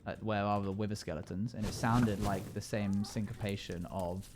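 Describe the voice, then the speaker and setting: A man streaming a game live, chatting casually and jokily with sudden loud playful yells. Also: fairly low pitch, normal speed, noisy background. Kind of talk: casual live-stream chat while gaming.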